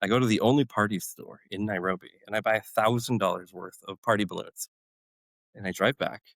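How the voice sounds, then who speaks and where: A middle-aged former special forces medic tells a story in a podcast interview, acting out what people said with animated energy. His voice is lowish and a little fast, and the recording is dry and poor in quality.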